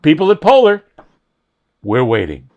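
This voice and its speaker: A man's voice: on the high side, wildly swooping pitch, unhurried, muffled recording. A man co-hosting a sports talk podcast, chatting casually and plugging sponsors in a joking, hyped-up way. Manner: jokey, plugging sponsors with mock hype. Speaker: podcast co-host.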